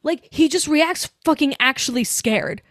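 A woman's voice: sits high, unhurried, a bit bright, no echo, studio quality. A woman co-hosting a podcast, chatting casually and animatedly about a film, swearing freely and laughing often. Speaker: podcast co-host. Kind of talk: casual chat about a movie.

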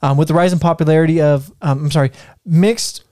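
A man's voice: a little high, steady tone, a little fast, dark tone, dry recording, clean studio sound. A man co-hosting a casual history podcast, reading from notes with many fillers and restarts. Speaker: podcast co-host presenting history.

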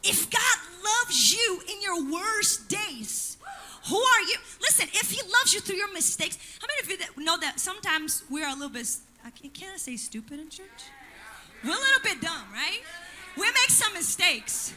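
A woman's voice: extremely high pitch, big pitch swings, moderate pace, pushed and bright, slight background noise. A woman pastor, preaching a sermon in church with emphatic delivery and call-and-response asides.

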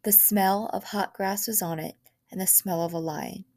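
A woman narrating a short story aloud in a calm, measured way. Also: medium pitch. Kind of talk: storybook reading.

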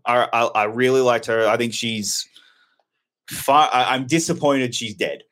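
A man's voice: mid-range voice, lively intonation, measured pace, a bit bright. A man giving a casual, rambling and candid spoken film review. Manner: rambling, candid, self-correcting.

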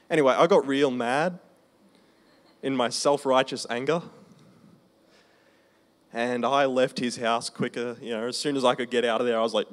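A man preaching a testimony sermon in a conversational storytelling way, slowing down for emphasis. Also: medium pitch, steady tone. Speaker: preacher sharing his testimony.

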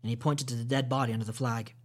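Man narrating a storytime reading. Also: medium pitch. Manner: steady, measured reading with small slips. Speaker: podcast host reading a classic novel.

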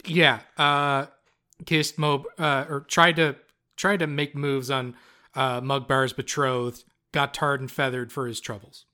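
A man with a Newfoundland accent narrating a tabletop game as game master, in a relaxed way with many fillers. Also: medium pitch, takes it slowly.

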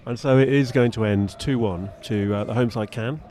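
A man's voice: medium pitch, normal speed, slight background noise. A man co-hosting a sports podcast, answering in a hesitant, giggly way and wrapping up the match. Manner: hesitant, giggly, deadpan replies. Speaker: podcast co-host. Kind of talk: casual sports podcast chat.

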